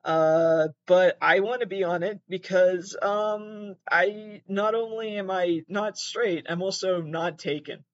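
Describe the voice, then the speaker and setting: A man on a rambling comic monologue, his voice sitting a little high and leaping into squeaky peaks when something surprises him. He keeps cutting himself off and wandering off track. The sound is muffled, like a lo-fi home recording. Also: fairly even intonation, slow, hardly any pauses. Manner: digressive, self-interrupting, with sudden squeaky jumps in pitch. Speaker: comedy podcast host.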